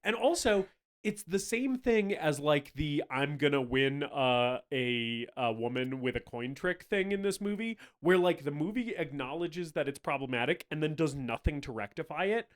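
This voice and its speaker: A man co-hosting a casual movie review podcast, animated and swearing, laughing often and acting out scenes. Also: fairly high pitch, normal speed. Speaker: podcast co-host.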